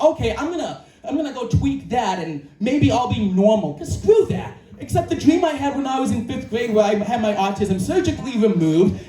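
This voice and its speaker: A man's voice: very high voice, a little mellow. A man giving a personal motivational talk at a live event, earnest and emphatic, often repeating his key phrases. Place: indoor creative venue, live audience. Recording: echoey room from far off, faint music.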